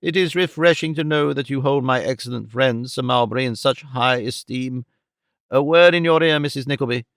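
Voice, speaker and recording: A man voicing a pompous, flattering gentleman visitor who talks in grand, theatrical, overly formal phrases. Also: mid-range voice, a little fast, no echo, clean studio sound, close to an everyday voice. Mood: confiding.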